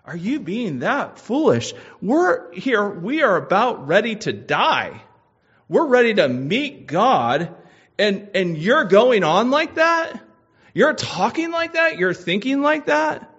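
A man voicing a repentant dying thief who sharply rebukes another, his pitch climbing high. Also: big pitch swings, takes it slowly, fairly bright tone, husky, full character voice. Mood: urgent rebuke. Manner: exclaiming rebukes in rising pitch. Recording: muffled lo-fi recording.

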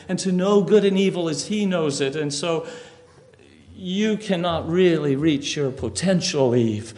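A man voicing the serpent Satan as a smooth, persuasive tempter during a sermon. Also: sits high, a little mellow, pitched above the performer's own voice. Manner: coaxing, persuasive.

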